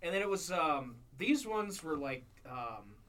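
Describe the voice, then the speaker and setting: A man's voice: on the high side, sing-song, a little slow, a bit bright. Profane young man telling stories, off-mic. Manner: loose, profane, laughing storyteller. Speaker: podcast host. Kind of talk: casual storytelling. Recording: distant mic with clear background noise.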